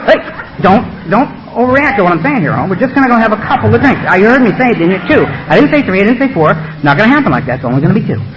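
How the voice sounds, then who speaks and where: A man voicing his addiction as a sly, coaxing male beast that speaks in a low, hushed, falsely loving voice. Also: expressive, fast, highs cut off, noisy background. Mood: wheedling. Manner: soothing, persuasive, falsely affectionate.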